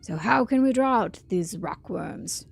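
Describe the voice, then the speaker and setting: A woman reading fantasy game dialogue aloud for the characters, using a put-on high English accent and a measured, formal delivery. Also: lively intonation, gravelly, slightly rough, faint music behind, exaggerated voice. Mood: earnest.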